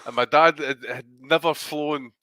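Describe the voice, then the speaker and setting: A Scottish man on a boxing podcast, swapping stories in loose, swearing banter and breaking into laughter. His voice is bright and forward. It is recorded dry, with no room sound. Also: on the high side, steady tone, normal speed, dry recording. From Scotland. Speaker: podcast co-host. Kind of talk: casual chat.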